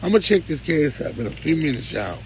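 A man hosting a live stream, talking casually, pleading one moment and loudly complaining the next. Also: fairly high pitch, fairly quick, a little hiss or hum. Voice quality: animated, swings from pleading to loud complaint. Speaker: live show host.

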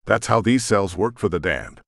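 Male audiobook narrator, deep and expressive, dark brooding read, dry close mic. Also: moderate pace, no room sound. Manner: dramatic, brooding. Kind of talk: first-person audiobook narration.

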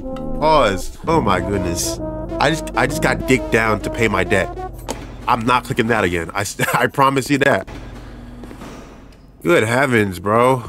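A man's voice: mid-range voice, lively intonation, measured pace, pauses often. A young man doing let's play commentary as a gaming YouTuber, cursing, stammering and joking as he reacts. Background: game music.

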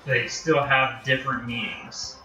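A man's voice: medium pitch, flat delivery, unhurried, sharp tone, distant mic. A man with a Northern American accent, chatting casually and rambling while live-streaming a game, self-deprecating and easily sidetracked. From United States. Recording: roomy, off-mic, music behind.

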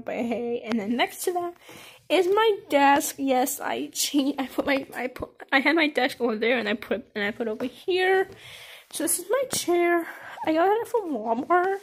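Teenage girl, high-pitched, casual bedroom tour, rambling, filler-heavy, handheld phone camera. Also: measured pace, slight background noise. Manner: rambling with many fillers and restarts. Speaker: vlogger. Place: her bedroom.

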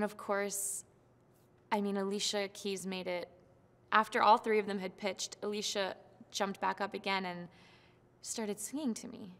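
A young woman, a singing contestant, excitedly recounting her experience in an interview, with many fillers and restarts. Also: medium pitch, in a large hall.

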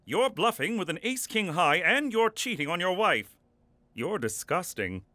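A man's voice: high-pitched, very animated, normal speed, sharp tone, no echo, heavily acted. A man voicing a formal, over-earnest male Mountie and reformed gambler in an adult cartoon. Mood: confident. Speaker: lead character and narrator.

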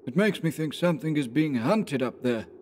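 Guy doing tense prospector dude, pitched up higher than the narrator, blurts things out sharp. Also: animated, normal speed, a little hiss or hum, close to an everyday voice. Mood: uneasy. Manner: sharp, alarmed outbursts. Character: tense, blunt male gold prospector.

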